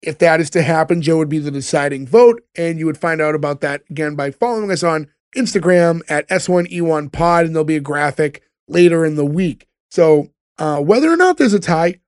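A man's voice: fairly high pitch, fairly quick, hardly any pauses, no room sound, clean studio sound. A man hosting a casual podcast, talking loosely with lots of fillers. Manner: loose, rambling, frequent fillers. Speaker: podcast host. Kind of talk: casual chat.

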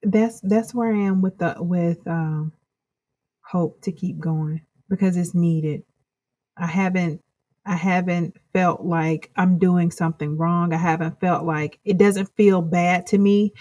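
A woman's voice: lowish voice, fairly even intonation, a little slow, mellow. A woman guest in an interview, speaking earnestly and reflectively, rambling through her thoughts. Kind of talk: casual interview chat.

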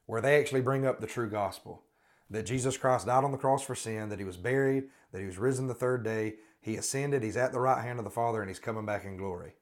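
A man's voice: on the low side, brisk. Man repeating pointed questions. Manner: repeats rhetorical questions, restarts often. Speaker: podcast host. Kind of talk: critical religious commentary.

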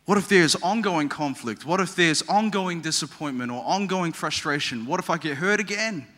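A man's voice: fairly high pitch, animated, moderate pace, bright, forceful tone. A man preaching a sermon as pastor, conversational and humorous, asking the audience questions in a church hall. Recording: long echoey hall reverb.

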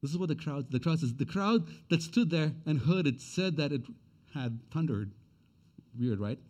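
A man preaching a sermon from the pulpit, his voice sitting a little high. He speaks in an earnest, pleading way and circles back to the same question to drive it home. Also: lively intonation, normal speed, darkish tone. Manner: earnest, repeats key questions for emphasis. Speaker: pastor.

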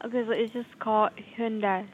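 A woman's voice: fairly high pitch, expressive, normal speed, no echo. A woman answering a phone call, polite and helpful but a little hesitant. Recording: tinny phone line.

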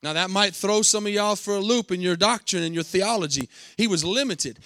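A man's voice: high voice, a little fast, hardly any pauses, a bit bright, no echo, clean studio sound. A man preaching a sermon as a pastor, emphatic, with repeated phrases and rhetorical questions put to the congregation.

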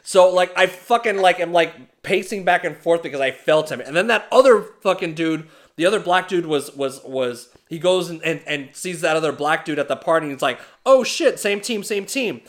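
A man co-hosting a casual podcast, telling stories in an animated, heavily profane way. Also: on the high side, brisk, few pauses. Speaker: podcast co-host.

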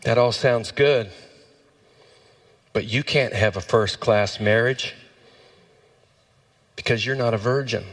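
A preacher mimicking the sneering devil. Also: male voice, medium pitch, takes it slowly, long pauses. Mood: sneering accusation. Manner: mocking, accusing. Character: sneering male devil, accusing tempter.

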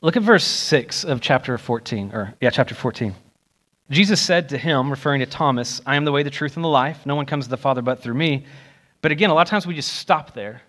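A young man preaching a sermon in a church, animated and acting out the voices he quotes. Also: brisk. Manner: animated, acts out quoted voices with rising pitch. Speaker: pastor. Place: church sanctuary.

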